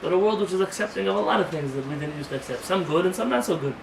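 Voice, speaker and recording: A male rabbi giving a sermon-style lecture, telling stories with animated acted dialogue and reading Hebrew quickly before translating it. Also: high-pitched, gravelly. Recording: roomy sound from a distant mic, faint noise.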